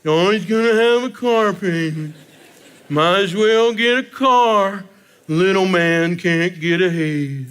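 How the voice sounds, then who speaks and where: A man doing a whiny grown man, sulking over his money woes in a slow, self-pitying drawl. He sounds sorry for himself, with a high, sharp tone. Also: clean tone.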